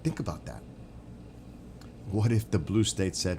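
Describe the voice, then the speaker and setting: A man's voice: fairly low pitch, big pitch swings, moderate pace, pauses often, darkish tone, slight background noise. A man streaming, giving opinionated, rambling casual commentary and answering chat, swearing now and then. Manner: answers chat viewers by name.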